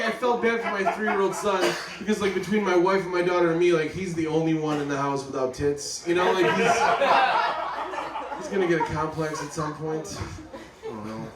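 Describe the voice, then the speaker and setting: On a comedy club stage, a man in his thirties with a voice on the high side runs through a rambling, profane stand-up set that mocks himself. He's picked up from a distance, off-mic, so the club sounds roomy, and loud audience laughter fills the background.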